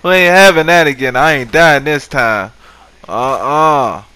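A man's voice: fairly high pitch, a little slow, bright, forceful tone, clean tone, no room sound. A man commentating his own video game run, swearing and trash-talking the enemies on screen. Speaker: gamer. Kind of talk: profane let's-play commentary.

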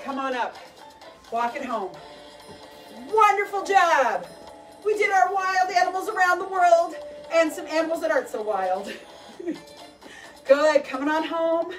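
A very high-pitched woman leads a children's workout, talking slowly and cheering everyone on as she calls out each move. Her voice is picked up from a distance, with music playing behind her. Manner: encouraging, calls out moves and cues. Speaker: fitness instructor. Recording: distant mic with background music.

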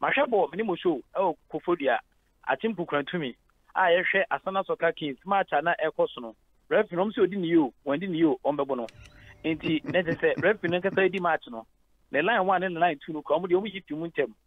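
Fast-talking Ghanaian man on a phone line. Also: fairly high pitch, no echo. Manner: fluent, explanatory, mixes English into Twi. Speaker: head of sport, radio guest. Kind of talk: phone-in sports analysis.

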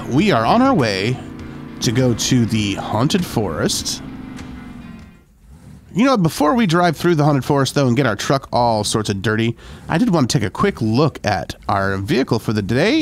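A man's voice: medium pitch, slight background noise. A man hosting a gaming channel, giving upbeat, chatty let's-play commentary and now and then slipping into playful pirate talk. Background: game music.

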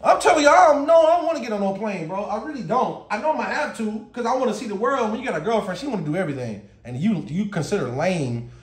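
A man tells a storytime vlog tale in a profane, animated rant, often breaking into laughter. His voice sits high for a man. The room around him is echoey and roomy. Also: fast, few pauses. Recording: roomy echo.

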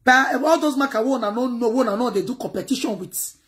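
A Nigerian woman chatting casually to her viewers on a livestream, in an animated way that mixes pidgin with another local language. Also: fairly high pitch, brisk. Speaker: livestream host.

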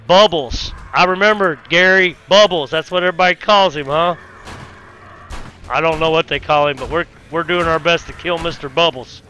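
A man giving casual let's play commentary while fighting a zombie horde, with loud cursing exclamations and folksy grammar. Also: on the high side, normal speed, soft background music. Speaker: gaming YouTuber.

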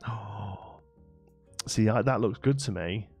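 A man's voice: lowish voice, takes it slowly, a little mellow, slightly rough, soft background music. A man chatting with viewers during a late-night live game stream, thinking aloud and laughing often.

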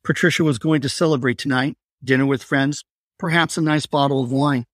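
A man's voice: mid-range voice, steady tone, brisk, dry recording. Man reading a thriller aloud, dry sound. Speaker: author reading his novel.

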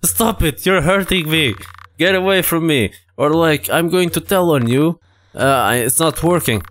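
A man's voice: a little high, normal speed, fairly bright tone, voice pushed up, close to an everyday voice. Violet, a man voicing a whiny bratty girl. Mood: upset. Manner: snippy, whiny, says "like" a lot. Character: bratty stuck young woman, snippy and whiny.

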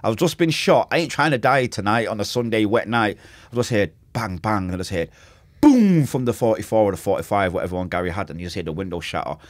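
This Mancunian guest on a podcast has a lowish voice with lively intonation and a quick pace, captured in a dry, studio-quality recording. Telling his story casually, he voices quotes, mimics gunshots, drops street slang and swears oaths.

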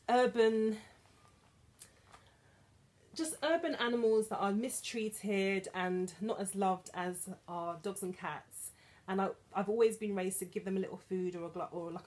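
Chatty woman in her thirties. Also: mid-range voice. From England. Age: 30s. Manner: chatty, giggly, emotional asides. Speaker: vlogger. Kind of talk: casual haul chat.

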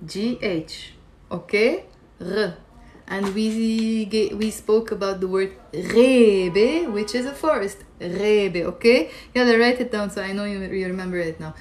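A woman's voice: mid-range voice, normal speed, slight background noise. A woman teaching an Arabic pronunciation lesson on a live stream, chatting and quizzing viewers as she reads their comments.

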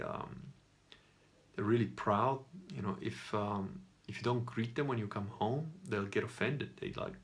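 Rambling, profane man telling a story. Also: lowish voice. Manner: rambling, profane, laughs as he talks, acts out quotes. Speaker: channel host telling a personal story. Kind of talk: casual storytelling monologue.

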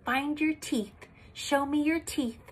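Young woman, toddler music teacher, sing-along lesson, high voice, unhurried, playful and coaxing. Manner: animated, coaxing, exaggerated for small children.

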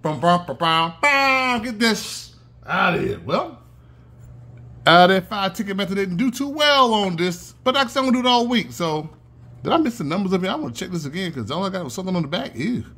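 A man's voice: high-pitched, sing-song, fairly quick, pushed and bright. A man hosting his own channel, chatting casually while scratching lottery tickets and calling out numbers in a sing-song chant. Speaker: channel host.

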